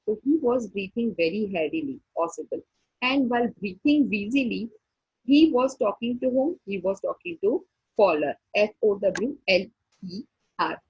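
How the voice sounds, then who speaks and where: A woman, teaching a story and explaining each line slowly, repeating points and checking with "okay". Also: medium pitch, lively intonation, breathy edge, dry recording, muffled recording. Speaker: English teacher. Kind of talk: classroom lesson explaining a story.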